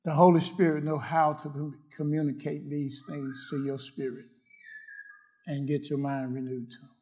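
A man preaching a fiery sermon, repeating short declarations and swinging from loud cries to hushed murmurs. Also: a little high, level tone, moderate pace. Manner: repetitive declarations and cadences.

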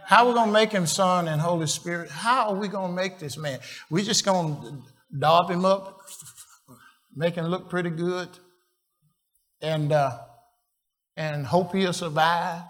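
Slow-preaching man. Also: high-pitched, a bit bright. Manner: call-and-response questions to the congregation; slow, halting, repeats and restarts phrases. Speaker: pastor. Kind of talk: sermon.

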